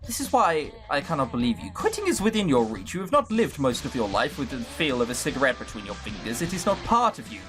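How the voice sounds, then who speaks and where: A man's voice: medium pitch, sing-song, quick pace, few pauses, a bit bright, soft background music. A man voicing a cold, snobbish rich male businessman in a visual novel, with formal, clipped diction. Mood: stiff.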